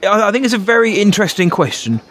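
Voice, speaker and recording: A man's voice: high voice, sing-song, fast talker, fairly bright tone. A man co-hosting a podcast, rambling and self-mocking in casual chat, laughing often. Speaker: podcast co-host.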